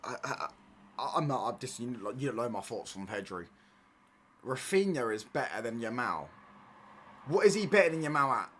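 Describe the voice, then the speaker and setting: Young lad on a footy watchalong stream, bright crisp voice, loads of slang and stop-start banter. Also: male voice, mid-range voice, big pitch swings, normal speed, pauses often, a little hiss or hum. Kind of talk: live stream chat reading comments.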